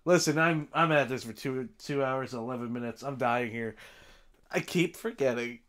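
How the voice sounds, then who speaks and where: A young man hosting a live stream from home, chatting casually as he reacts to a film, excitable and profane, now and then breaking into shouts. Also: medium pitch, moderate pace. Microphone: desk mic with headphones.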